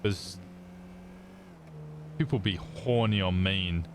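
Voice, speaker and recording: A man's voice: low voice, takes it slowly, noisy background. A young British man streaming a roleplay game, chatting casually and explaining at length, swearing freely.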